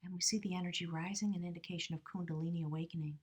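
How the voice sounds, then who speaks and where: Soft-spoken breathy woman reading tarot. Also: on the low side, steady tone. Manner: soft, slow, drifting into whispers; earnest, spiritual. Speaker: tarot reader. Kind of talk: channeled tarot reading to camera.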